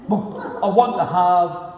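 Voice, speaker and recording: A man voicing a gentle, polite old male farm dog in a told story, pitched lower than his own voice and drawing out each woof, recorded in an echoey hall. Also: slow. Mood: polite asking. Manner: drawls each woof before asking. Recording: echoey hall, dull lo-fi sound.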